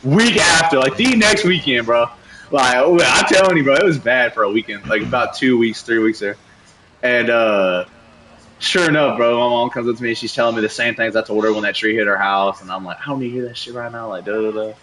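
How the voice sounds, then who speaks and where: A young man streaming a game, telling a story in a casual, animated rant full of slang and cursing. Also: mid-range voice, a little fast, slight background noise, poor audio. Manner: animated, profane, slangy ranting. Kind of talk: casual storytelling while gaming.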